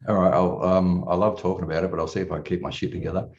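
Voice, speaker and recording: A man's voice: low-pitched, level tone, very fast, a little mellow. A man, candidly telling his personal story in an earnest, emotional way, with casual swearing and many restarts. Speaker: client giving a testimonial. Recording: distant mic, dull lo-fi sound.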